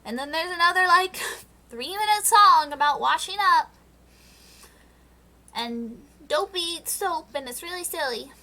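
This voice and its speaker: A woman's voice: extremely high pitch, lively intonation, measured pace, long pauses, sharp tone. A woman chatting casually on a live stream, giggling and acting out characters in silly voices as she reviews a film.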